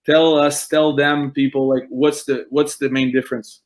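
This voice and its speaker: A man's voice: mid-range voice, level tone, moderate pace. A man hosting a casual interview podcast, who keeps searching for words with many restarts and "uh"s. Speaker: podcast host.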